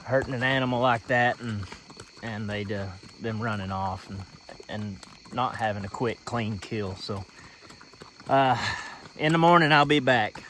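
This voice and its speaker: A man talking slowly and emotionally to the camera outdoors in the woods while bowhunting. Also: on the low side, fairly bright tone, slight background noise. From Arkansas. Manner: slow, emotional, drawling and thankful. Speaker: bowhunter filming his hunt. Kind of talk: outdoor hunting vlog talk to camera.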